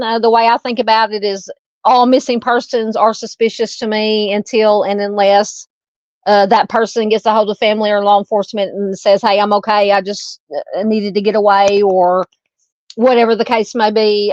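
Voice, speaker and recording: A woman's voice: mid-range voice, fairly even intonation, normal speed, no room sound, muffled recording. A woman with a Southern US accent hosting a casual true crime live stream, rambling and chatty as she talks with viewers. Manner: rambling, chatty, lots of "you know" fillers.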